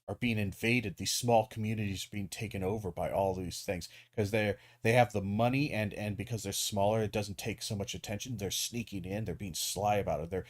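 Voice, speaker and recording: A man with a fairly low voice talks through a video as a commentator, rambling along with plenty of ums, restarts and the occasional curse. The recording is dry and close, with no room sound. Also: steady tone, a little fast, few pauses, no room sound. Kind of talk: casual commentary.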